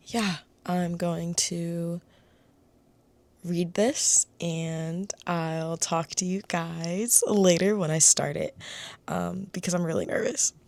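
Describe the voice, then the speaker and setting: A woman talking earnestly in a casual book review vlog, pausing often to find her words. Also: deep voice, gravelly, darkish tone. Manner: earnest, searching for words with frequent pauses.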